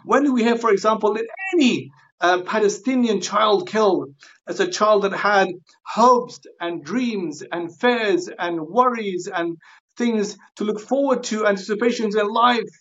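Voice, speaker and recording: Guy scholar on a podcast, earnest, keeps restarting, high-ish voice, dull lo-fi sound. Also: a bit bright. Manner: earnest, halting with frequent repeats and restarts. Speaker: guest scholar. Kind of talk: podcast interview discussion.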